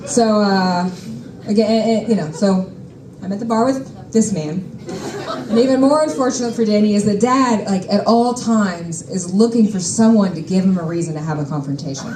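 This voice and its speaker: A woman's voice: medium pitch, moderate pace, roomy sound, a crowd in the background, low-quality recording. A young adult woman telling a personal story on stage, wry, exasperated and freely profane. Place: stage at a live storytelling show.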